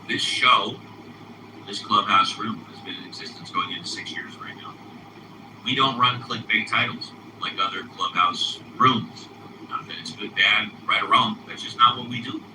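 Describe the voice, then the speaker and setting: A man hosting a live audio chat room, moderating callers with animated, drawn-out calls and repeated phrases. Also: mid-range voice. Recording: echoey, distant, noisy room pickup.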